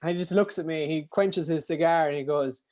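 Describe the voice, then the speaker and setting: Kerry irish guy rattling off stories quick, bit higher voice, swears a lot, all chatty. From Ireland. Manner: animated, swears casually, many fillers. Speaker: podcast guest, endurance athlete. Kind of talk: casual storytelling.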